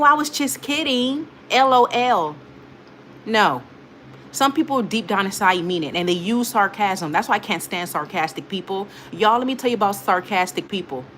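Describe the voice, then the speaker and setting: A woman's voice: mid-range voice, fairly bright tone, a little hiss or hum. A woman hosting her own live stream, reading viewers' comments aloud and scolding rude commenters, emphatic and repeating herself for effect. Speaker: livestream host.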